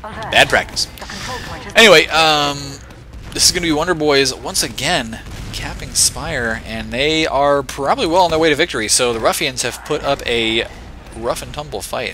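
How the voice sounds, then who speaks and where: A man giving live play-by-play commentary on a competitive video game match, excitable and full of joking asides. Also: medium pitch, slight background noise. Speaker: esports shoutcaster.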